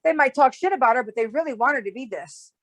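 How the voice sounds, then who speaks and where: An astrologer guest speaks in a high, animated voice at a quick clip. In a casual conversation she rambles through her ideas at length, restarting often and tagging on "right?" to check in.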